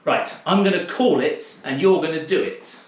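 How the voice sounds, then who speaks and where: Guy running a zoom dance class, counts out steps, jokey, pretty high voice, really echoey room. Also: lively intonation, normal speed, distant mic. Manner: chatty, teasing, counts steps aloud. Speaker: dance teacher. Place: home room on a video call.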